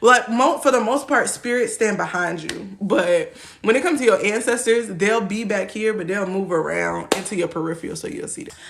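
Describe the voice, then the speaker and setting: Woman in her twenties, gravelly fry, easygoing slangy teacher chatting to a live audience. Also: medium pitch, normal speed, a bit bright, slight background noise. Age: 20s. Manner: loose and slangy, laughs often, acts out quoted voices. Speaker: spiritual teacher on a livestream. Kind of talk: casual livestream teaching chat.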